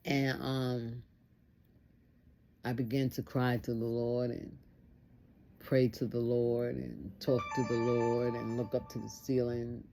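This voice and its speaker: A woman's voice: a bass voice, little pitch movement, takes it slowly, warm tone, faint music behind. A woman telling a personal testimony story in an earnest way, repeating phrases for emphasis.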